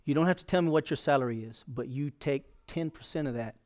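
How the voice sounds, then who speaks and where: A man's voice: mid-range voice, fairly quick, darkish tone. A male pastor preaching a sermon in a folksy, conversational way.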